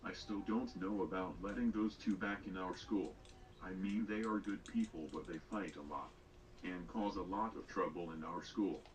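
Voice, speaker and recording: A male text-to-speech voice playing cartoon characters in a homemade animated series, speaking without any emotion. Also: sits low, moderate pace. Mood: deadpan. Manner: emotionless, monotone delivery. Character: flat computer-voiced cartoon schoolboys and teachers. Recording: distant playback with clear background noise.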